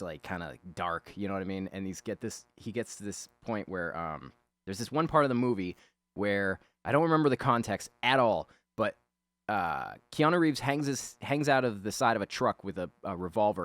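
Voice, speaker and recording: A man's voice: low-pitched, fairly bright tone, no echo. A man rambling casually and profanely as he talks over his drawing, chuckling often. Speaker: artist talking over a drawing.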